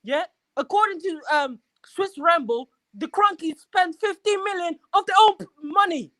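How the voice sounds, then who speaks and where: A man's voice: very high voice, unhurried, sharp tone, no echo, low-quality recording. A man calling in to a fan show, ranting in an agitated, repetitive way. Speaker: caller. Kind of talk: angry fan phone-in rant.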